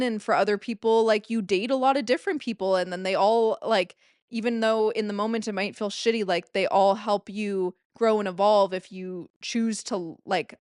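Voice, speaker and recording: A woman in her late twenties hosts a solo podcast, her medium-pitched voice captured in clean studio sound with no echo. She rambles confessionally, full of filler words and casual swearing.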